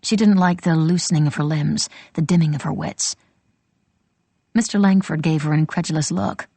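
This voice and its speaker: A woman narrates an audiobook in a measured, storytelling way. Her voice sits low, with a gravelly, husky texture, and the recording is dry and close. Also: warm tone, no room sound. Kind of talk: scripted narration.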